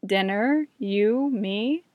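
A woman's voice: medium pitch, very slow, no room sound, phone-quality sound. Lady doing a charming nervy young guy, playful and coaxing, dry sound. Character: charming, nervous young man, new on the job.

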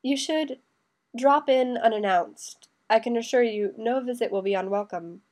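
A woman voicing a young male emperor who speaks slowly and measuredly with dry teasing. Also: on the high side, darkish tone, lightly acted. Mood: firm. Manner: slow, measured, dryly teasing.

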